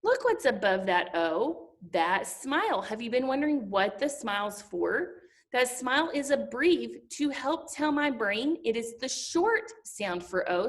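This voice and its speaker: A woman teacher giving a slow, sing-song phonics lesson to young children, asking them questions as she sounds out letters. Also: a little high.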